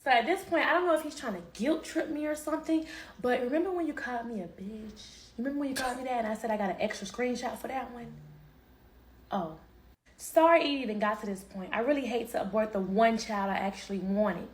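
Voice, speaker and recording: A woman's voice: a little high, a little fast. A woman telling a personal story casually to a live-stream audience, chatty and direct. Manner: chatty, addresses listeners as y'all, quotes others.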